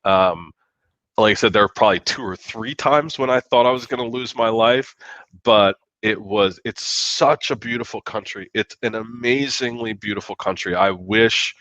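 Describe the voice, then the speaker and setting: American guy telling a story on a podcast, swears a lot, acts out the quotes, bright punchy voice, kinda dull dry audio. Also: fairly low pitch, moderate pace, no echo. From United States. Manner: animated, profane storytelling with acted-out quotes. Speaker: guest author.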